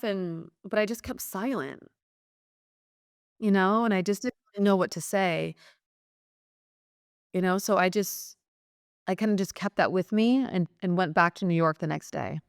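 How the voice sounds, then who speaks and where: A woman's voice: mid-range voice, unhurried, pauses often, clean tone, dry recording, studio quality. A young woman, a guest in an interview, telling a personal story in a hesitant way with many fillers. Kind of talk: personal account in conversation.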